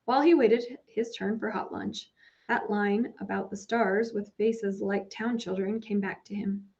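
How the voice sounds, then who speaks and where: A woman narrating a children's novel in a measured storytelling manner. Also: mid-range voice, steady tone, gravelly, darkish tone. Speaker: audiobook narrator. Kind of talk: scripted narration. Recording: dull lo-fi recording.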